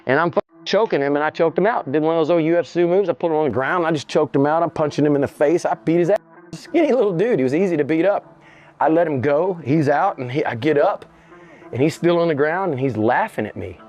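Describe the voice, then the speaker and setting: A man telling a story in a casual interview, animated, slangy and profane, often repeating himself. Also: fairly high pitch, fast, faint music behind. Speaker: interview guest.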